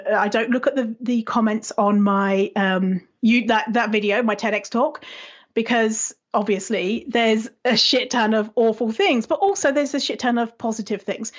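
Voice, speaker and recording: A woman's voice: on the high side, dull audio. A woman being interviewed, talking frankly and animatedly and swearing freely. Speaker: guest. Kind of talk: casual interview chat.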